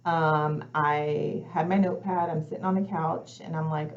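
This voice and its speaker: A woman's voice: low voice, fairly even intonation, moderate pace. A woman, a guest coach on a talk show, telling her personal story in earnest and acting out her own past thoughts as she goes. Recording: slightly muffled lo-fi audio.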